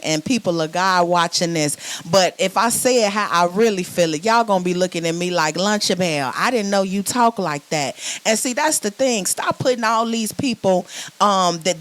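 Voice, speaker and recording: A young woman doing a virtual stand-up comedy set, loud and sassy, often repeating words as she starts a phrase. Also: mid-range voice. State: sweating.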